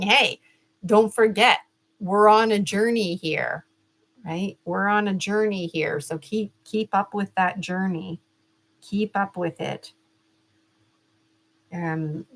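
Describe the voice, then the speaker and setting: A woman's voice: lowish voice, a bit bright. A middle-aged woman giving a casual gemstone reading, chatty and rambling, with many fillers and restarts. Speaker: spiritual reader.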